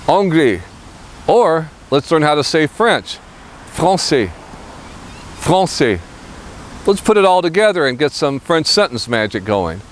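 A man hosting a language lesson in an upbeat way, saying each phrase slowly and then repeating it. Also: a little high. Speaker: language teacher.

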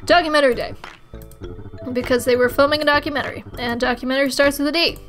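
A woman's voice: high-pitched, fairly even intonation, fast talker, fairly bright tone, faint music behind. A young adult woman doing playful, sarcastic commentary while playing a game. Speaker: gamer. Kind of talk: let's play commentary.

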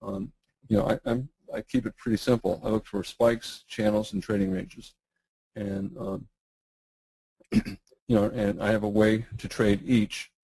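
A middle-aged man, losing his voice and clearing his throat, answering webinar questions in a halting way with many fillers and restarts. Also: lowish voice, warm tone, dry recording, low-quality recording. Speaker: guest trading educator.

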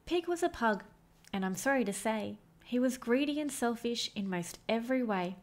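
A woman's voice: on the high side, moderate pace. Woman reading a children's picture book aloud. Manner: expressive, sing-song rhyming delivery. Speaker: storyteller.

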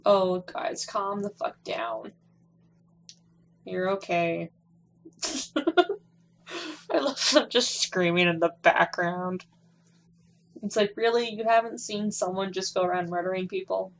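A woman's voice: medium pitch, animated, slow pace, long pauses, a little hiss or hum. A young woman giving casual gameplay commentary, swearing a lot and talking back at characters on screen. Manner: laughs and squeals while playing. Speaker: gameplay streamer.

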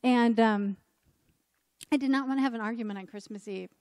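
A woman speaker at a church gathering, telling her personal faith testimony as a lively story and acting out the dialogue. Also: on the high side, a little fast, no room sound, studio quality. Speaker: conference speaker at a church event.

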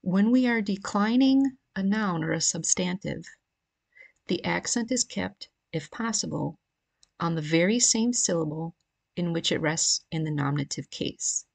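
Woman lecturer, low gravelly voice, patient and explanatory, home-recorded lesson. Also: animated, unhurried, a little mellow. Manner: patient, explanatory, reading from a grammar. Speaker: Greek grammar teacher. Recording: questionable home audio.

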